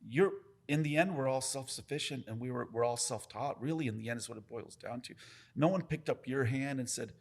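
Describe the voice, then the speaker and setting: This tattoo artist speaks at a medium pitch and a brisk pace, spinning stories during a relaxed podcast conversation. Profanity runs all through it, and he gets emphatic, gesturing as he talks about the work.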